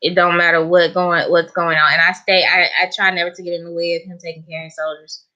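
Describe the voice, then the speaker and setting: A woman's voice: fairly low pitch, little pitch movement, fast, sharp tone, muffled recording. A Southern woman chatting casually to her viewers, laughing often and calling them honey. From American South. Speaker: vlogger. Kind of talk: casual chat to camera.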